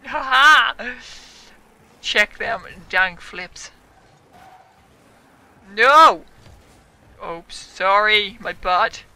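A young man, a gaming YouTuber, giving loud, excitable commentary on his own play, yelling, swearing and laughing. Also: high voice, extremely slow, creaky.

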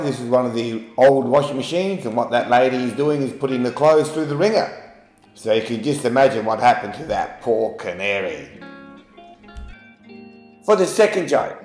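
A middle-aged man, casually telling jokes to camera in a folksy, chatty way. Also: medium pitch. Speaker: joke channel host. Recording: echoey room with faint guitar music.

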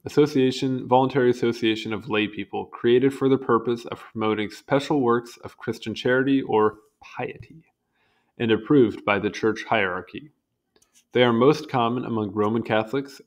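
A man's voice: medium pitch, fairly even intonation, normal speed. A young man casually reading an encyclopedia article aloud, stumbling over hard words and adding wry asides. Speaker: reader.

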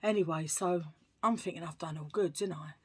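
A woman vlogger telling a story to camera in a chatty, animated way, full of asides. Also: fairly low pitch, brisk, breathy edge.

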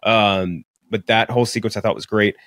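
A young man with a lowish voice talks through a film review in loose podcast chat. He rambles, stacking fillers and swearing freely. The sound is close and dry, with no room around it. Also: steady tone, moderate pace, fairly bright tone, no room sound. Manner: rambling, filler-heavy, profane. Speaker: podcast co-host. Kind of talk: casual movie review chat. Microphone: studio podcast mic.

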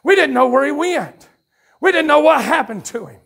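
A man with a Southern US accent preaching a revival sermon to a congregation at a church camp meeting, telling a story that builds into fervent shouted preaching. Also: very high-pitched, lively intonation, moderate pace. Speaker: pastor.

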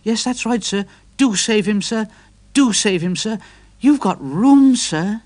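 A man voicing an eager, kind-hearted male tank engine in a storybook, high and earnest in tone. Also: lively intonation, a little slow, darkish tone, dry recording. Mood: pleading.

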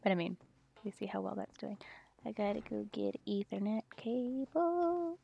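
A young woman streaming a video game, muttering to herself as she plays and bursting into excited squeals. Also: mid-range voice, normal speed, gravelly, muffled recording, slight background noise. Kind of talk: casual gaming stream chatter.

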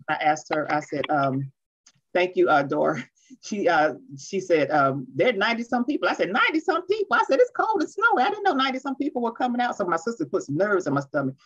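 A grandmother in her later years leading an online teacher workshop over a video call, chatty and self-deprecating, admitting she talks fast when nervous. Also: sits low, husky. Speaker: workshop presenter. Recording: dull lo-fi video call audio.

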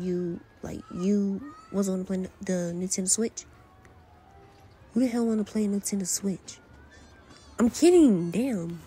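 A woman's voice: medium pitch, dark tone, slight background noise. A woman performing a casual fan role-play audio drama, trading slangy, teasing banter as she voices several friends.

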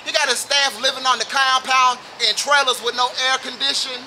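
A man doing a loud, profane comedic rant outdoors, as host of his own show. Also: extremely high pitch, brisk. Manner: loud, profane, animated ranting. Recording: outdoor noise with birds and traffic.

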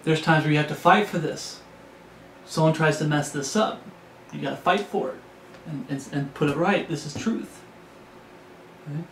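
A man preaches a sermon in an earnest, repetitive way, frequently restarting phrases. His voice is on the high side at normal speed with many pauses, recorded in an echoey room with faint background noise.

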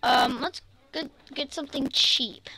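A young gamer girl giving excitable, shouty commentary while playing online, yelling at other players. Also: high-pitched, measured pace, breathy edge.

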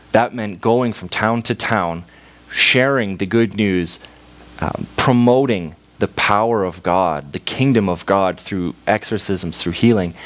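Young Canadian man, church sermon, lowish voice, storyteller's delivery. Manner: storytelling, acts out voices in a parable. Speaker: preacher.

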